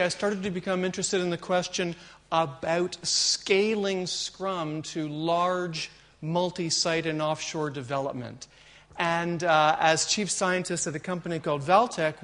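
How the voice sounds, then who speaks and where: A man giving a conference keynote as an agile consultant, telling an opening joke and then explaining his background with frequent fillers. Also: on the high side. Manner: animated storyteller, jokes and fillers.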